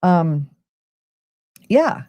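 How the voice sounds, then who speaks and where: A tired, yawning middle-aged American woman hosts a late-night livestream in a fairly low, mellow voice that is very animated yet very slow, with no room sound. She chats casually, rambling and easily sidetracked.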